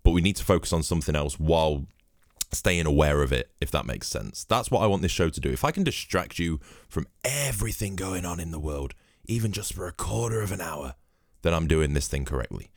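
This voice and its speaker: A man's voice: low voice, lively intonation, brisk, no echo, studio quality. A man hosting his own podcast, telling rambling, cheeky, profane stories while he drinks at his home microphone. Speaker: podcast host. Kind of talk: comedic podcast monologue.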